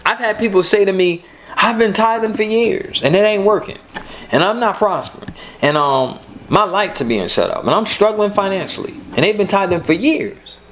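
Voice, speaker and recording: A man's voice: high-pitched, expressive, moderate pace, fairly bright tone, slight background noise. A middle-aged man preaching a sermon, emphatic and repeating his key points for the congregation.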